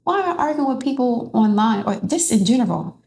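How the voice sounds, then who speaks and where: Fed-up wealthy older man as done by a woman, exasperated, gravelly edge. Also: on the high side, very animated, fairly quick, mellow, slight background noise. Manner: exasperated, complaining.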